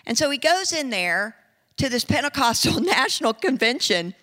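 A woman preaching, telling a story in an animated way and acting out the people in it. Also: sits high, normal speed. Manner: animated, acts out quoted speech. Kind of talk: sermon storytelling. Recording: long reverb in a hall.

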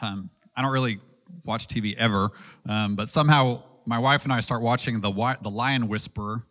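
A man in his thirties preaching a sermon in an earnest, conversational way, asking his listeners questions and pausing with ums. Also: mid-range voice, fairly bright tone.

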